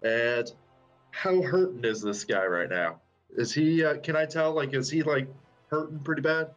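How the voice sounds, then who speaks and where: A man's voice: fairly high pitch, faint music behind. A man playing in a tabletop game, talking casually and hesitantly with lots of ums. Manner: unhurried, hesitant, many ums. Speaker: player. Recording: dull lo-fi recording.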